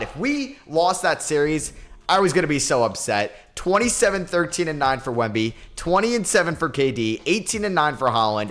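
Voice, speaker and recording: A young man narrates his basketball video game as he plays, reacting out loud. He drops into low, muttered asides and then jumps into loud, high yells when things go right or wrong. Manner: excitable, swings between mumbling and yelling. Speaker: gaming YouTuber.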